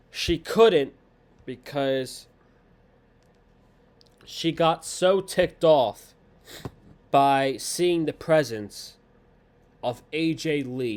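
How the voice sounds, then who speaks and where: Slow, rambling young man reviewing wrestling. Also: medium pitch, a little mellow. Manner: blunt, rambling, swears casually. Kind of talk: casual podcast review.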